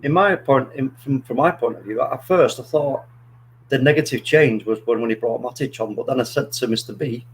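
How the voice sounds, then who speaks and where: A man hosting a casual football chat, telling stories in a rambling, animated way with many restarts. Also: medium pitch, fairly quick, slight background noise, rough recording. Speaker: podcast host.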